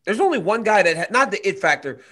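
A man's voice: high-pitched, sing-song, fast talker, sharp tone. A man co-hosting a casual sports chat, emphatic in his opinions and playfully mocking himself and his co-host.

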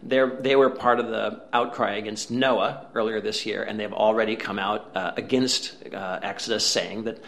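A man co-hosting a casual film review chat, chatty and amused, often pausing on fillers. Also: lowish voice, level tone, gravelly, fairly bright tone. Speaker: film critic co-host.

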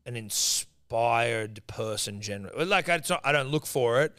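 A man's voice: medium pitch, lively intonation, moderate pace, pushed and bright, no echo. An Australian man co-hosts a casual sports chat, joking crudely and laughing often. His voice swings up and down with lots of life. The sound is dry and close. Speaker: podcast co-host.

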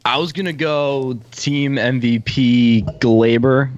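A man's voice: medium pitch, slow, no echo, lo-fi sound. A man co-hosting a casual podcast chat, blunt and profane, trailing off into fillers when unsure. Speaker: podcast co-host.

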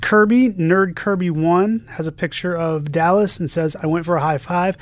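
A man's voice: high-pitched, steady tone, normal speed, dry recording. A man co-hosting a podcast, reading listener messages aloud and joking about them in casual chat. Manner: jokey, reads quotes aloud with playful emphasis. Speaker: podcast co-host.

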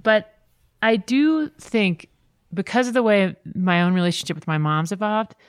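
A middle-aged woman talking candidly in a podcast conversation, telling stories with lively quoted voices. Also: medium pitch, moderate pace, clean tone, dry recording, clean studio sound.

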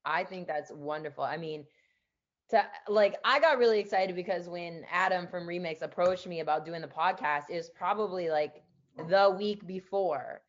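A woman's voice: on the low side, moderate pace, muffled recording. A woman hosting a podcast in casual interview chat, chatty and full of "like". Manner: chatty, peppers speech with "like". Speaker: podcast host, former wrestler.

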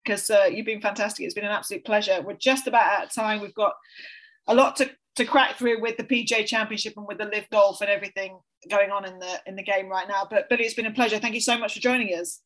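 A woman hosting a golf podcast in an upbeat, appreciative way, quick to laugh. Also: medium pitch, fairly even intonation, fairly bright tone, rough recording. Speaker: podcast host. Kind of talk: casual chat.

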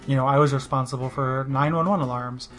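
A man's voice: mid-range voice, fairly even intonation, quick pace, over music. A man telling a personal story in a rambling, self-deprecating way, full of "you know" and restarts. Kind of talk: casual spoken monologue.

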